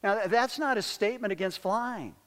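A man's voice: high-pitched, a little fast, fairly bright tone, in a large hall. An older man preaching a sermon in an earnest way, repeating words and phrases for emphasis. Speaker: pastor.

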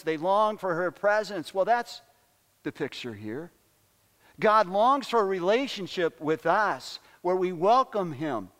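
Older preacher with a high voice. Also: male voice, clean tone, big-room sound. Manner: earnest, repeats words for emphasis. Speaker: pastor. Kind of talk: sermon.

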